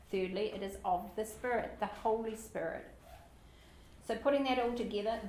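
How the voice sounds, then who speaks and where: Woman, Bible teacher, chatty, self-deprecating asides, roomy church hall, faint background noise. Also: mid-range voice.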